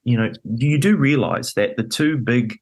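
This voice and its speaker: A man's voice: mid-range voice, moderate pace, gravelly, darkish tone. A man talking politics as a podcast guest, emphatic and indignant, with many fillers. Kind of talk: animated political chat. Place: podcast studio.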